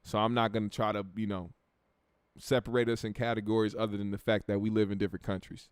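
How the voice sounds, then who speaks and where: A man's voice: on the low side, little pitch movement, fast talker, clean tone, no echo. An American man hosting a casual livestream, reading viewer comments aloud in a laid-back, profane way and repeating words while he thinks. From United States.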